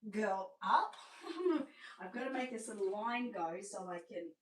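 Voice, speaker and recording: An Australian woman hosting a live-stream sales showcase, chatty and gushing, often dropping to a hushed voice. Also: mid-range voice, lively intonation, unhurried, distant mic. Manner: chatty, gushing, drops to a hushed voice over sweet babies. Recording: roomy sound, away from the mic.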